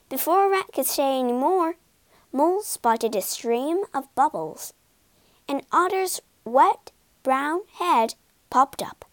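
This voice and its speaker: A woman narrating a children's storybook in a clear, expressive, deliberate way. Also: on the high side, no echo.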